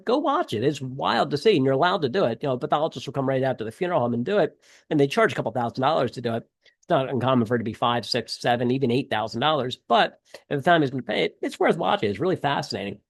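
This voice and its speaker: A middle-aged man walks students through an exam review in a loose, talky way, stopping for "um" and "you know" and rephrasing as he goes. His voice sits at an ordinary pitch for a man. The recording is dry and close, with no room sound. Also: gravelly, no echo. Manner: conversational, many fillers and restarts. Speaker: instructor.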